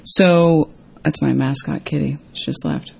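A woman hosting a casual self-help talk to viewers, chatty and full of fillers, acting out quoted lines in a higher voice. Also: fairly even intonation, measured pace, vocal fry, slightly rough. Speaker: host.

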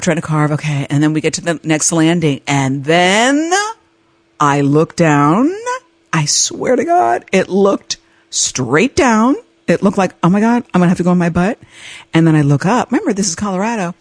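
A woman hosting a podcast, telling a personal story in an emotional, animated way, with laughs and restarts. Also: lowish voice, dry recording. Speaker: podcast host.

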